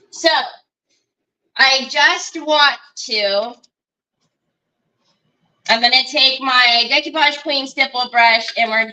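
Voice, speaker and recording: Slow, chatty woman crafting live. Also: high voice, sharp tone, rough recording. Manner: chatty, thinks aloud, greets viewers by name. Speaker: craft livestream host.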